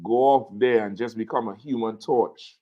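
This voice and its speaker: A man's voice: medium pitch, moderate pace, mellow, highs cut off. A man hosting a casual talk show, telling a story with energy and acting out the quotes in it. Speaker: show host.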